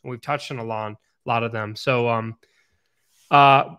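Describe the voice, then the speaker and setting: Bright-voiced chatty man on a podcast. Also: mid-range voice, fairly even intonation, normal speed, clear, resonant tone. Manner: rambling, chatty storyteller. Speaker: podcast co-host. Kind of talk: casual podcast chat.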